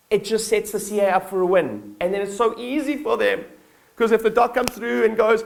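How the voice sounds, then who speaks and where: Blunt, energetic man giving a keynote. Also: high-pitched, brisk, creaky. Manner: energetic, blunt and profane, acts out little scenes. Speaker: business owner addressing his staff. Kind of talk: live keynote talk. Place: staff conference venue.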